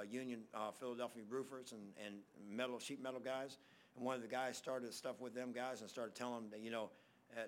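Man preaching a rambling sermon. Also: mid-range voice. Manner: rambling storytelling, speeding up in bursts.

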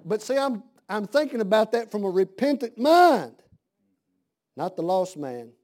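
A man preaching a sermon, dropping to a hush and then rising to shouts with slow, drawn-out emphasis. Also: sits high, sing-song.

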